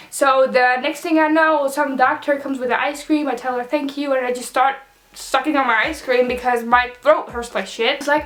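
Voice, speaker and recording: Young dutch-speaking woman vlogging from her bedroom, high voice, chatty and dramatic, swears a lot. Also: fairly even intonation, brisk, a bit bright. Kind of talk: casual storytime vlog. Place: bedroom at home.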